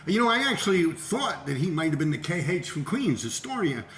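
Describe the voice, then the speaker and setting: A middle-aged man telling a profane, animated story about his graffiti past and acting out the voices of people he quotes. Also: on the high side, brisk, reverberant, slight background noise. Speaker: graffiti writer and show host. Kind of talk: casual storytelling.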